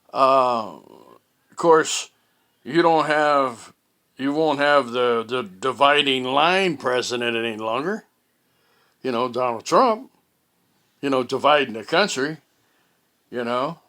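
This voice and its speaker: A man telling a casual, rambling story at home, halting often with fillers and restarts. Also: mid-range voice, a bit bright. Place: at home, indoors.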